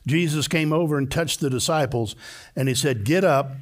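A man's voice: on the high side, normal speed. A male pastor preaching a sermon to a live congregation, telling the story emphatically and acting out the voices of the people in it. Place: church before a live congregation.

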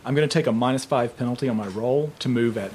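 A man's voice: medium pitch, fast, darkish tone. A man playing a tabletop game, checking the rules as he goes. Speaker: player. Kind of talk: casual tabletop play. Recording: faint background noise.

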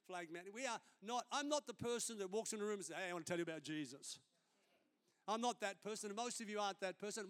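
A man, a senior pastor preaching a sermon in a conversational, storytelling way during a church service. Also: high voice.

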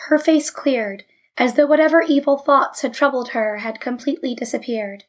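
A woman reads a story aloud as an audiobook narrator, measured and even. Her voice sits somewhat high.

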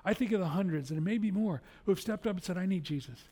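A man's voice: sits high, fast talker, mellow. A man preaching a sermon as pastor, telling stories in a conversational way with frequent restarts. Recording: long hall reverb.

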